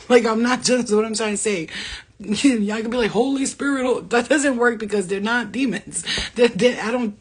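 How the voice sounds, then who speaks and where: A woman's voice: medium pitch, slightly rough. A middle-aged woman talking casually as a spiritual medium, laughing often, swearing and speaking animatedly. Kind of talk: casual livestream talk.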